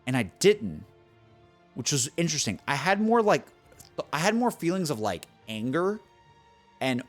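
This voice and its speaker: Young adult male streamer, animated, lively pitch swings, faint music under. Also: normal speed, pauses often. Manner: animated, excitable, restarts and "like" a lot. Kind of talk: casual stream chat to viewers.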